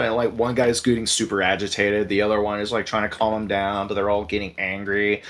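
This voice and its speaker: A man telling a story in casual podcast chat, animated and profane, acting out the people he quotes. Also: on the low side, quick pace, hardly any pauses. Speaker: podcast host.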